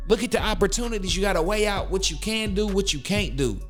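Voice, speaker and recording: Young male podcast host, fairly high voice, preachy motivational rant, light music underneath. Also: fast talker, few pauses. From West Virginia. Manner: emphatic, preachy, rhetorical questions. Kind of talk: motivational solo podcast talk.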